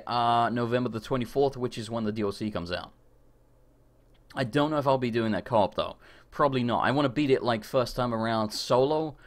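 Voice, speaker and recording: A man giving casual live commentary while playing a video game, chatty and quick to rant and swear when annoyed. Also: medium pitch. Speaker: gaming streamer. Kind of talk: live let's-play commentary.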